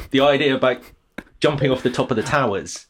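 A man's voice: medium pitch, fairly quick, fairly bright tone, a little hiss or hum. A man co-hosting a podcast in casual chat, telling anecdotes and swearing freely. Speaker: podcast co-host.

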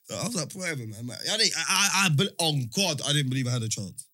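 An animated young man tells stories in street slang. His voice is bright and sharp, sitting a little high. The sound is dry and close. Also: no echo. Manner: animated storyteller, slangy, fast and loud. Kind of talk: casual chat.

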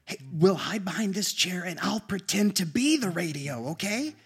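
A woman in a live comedy radio sketch with a husky voice, talking in a soothing, hurried way. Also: on the low side, lively intonation.

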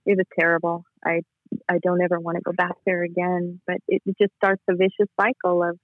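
Guest caller, male, earnest and emotional, flat delivery, phone-line sound. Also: sits high, fairly quick, no echo, faint music behind. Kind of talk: personal testimony.

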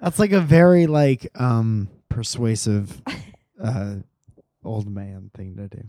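A man's voice: lowish voice, dark tone, no room sound, studio quality. A man co-hosting a podcast, chatting casually and joking around playfully. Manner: joking, playful, drawn-out asides. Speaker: podcast co-host. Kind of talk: casual chat.

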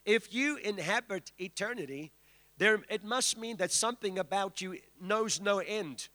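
A South African man preaches a sermon as a guest in a church sanctuary, declaiming and calling on the congregation to respond. His high-pitched voice is expressive, pushed and bright, and a little slow. The reverberant church hall echoes around him.

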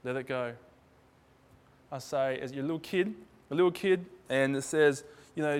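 A man's voice: mid-range voice, moderate pace, smooth. A man preaching a sermon in a loose, conversational way, acting out little dialogues in different voices. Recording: hall reverb.

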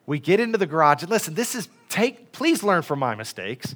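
Folksy pastor, higher voice. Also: male voice, very animated, fairly quick, fairly bright tone. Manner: chatty, folksy, self-deprecating, many fillers. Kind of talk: casual sermon. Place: church sanctuary.

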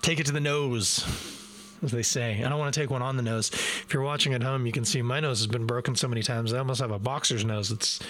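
A man's voice: medium pitch, steady tone, fast talker, a bit bright. A man reviewing a beer live from his desk in a casual, self-deprecating way, talking straight to his viewers. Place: home desk. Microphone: desk microphone.

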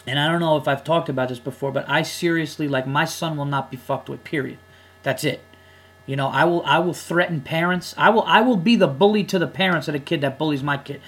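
A man's voice: fairly high pitch, breathy edge. A man hosting his podcast as a comedian, ranting casually with heated, profane emphasis.

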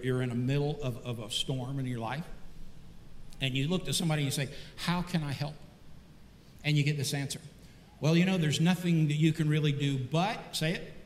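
Male pastor with a high voice, lively sermon delivery, in a roomy church hall. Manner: animated storytelling with repeated words and restarts. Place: church sanctuary. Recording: echoey church hall reverb.

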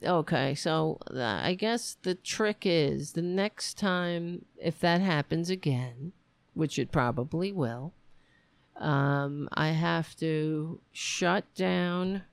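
Gravelly, frustrated woman hosting a home stream. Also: low voice, slow, dry recording. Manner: frustrated, swearing, rambling with sighs. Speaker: show host. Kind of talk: casual livestream chat. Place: home room.

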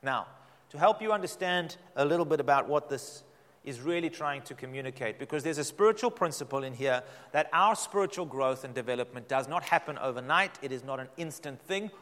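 A middle-aged man, a pastor, giving a sermon with dramatic, emphatic delivery and slow repeated phrases. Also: medium pitch, expressive, a bit bright. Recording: long hall reverb.

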